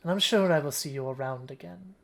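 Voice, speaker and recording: A game master voicing a calm goddess disguised as a huntress, speaking softly and graciously in a tabletop game. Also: medium pitch, brisk, gravelly, close to an everyday voice.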